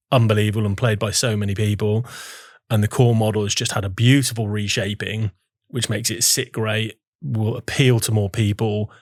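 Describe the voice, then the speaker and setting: एक ब्रिटिश आदमी, गोल्फ़ प्रो सह-होस्ट, हल्की नीची आवाज़ में सहज, चुटीली बातें।. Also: male voice, on the low side, dry recording. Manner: easygoing, dry teasing. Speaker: golf pro co-host. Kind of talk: casual chat.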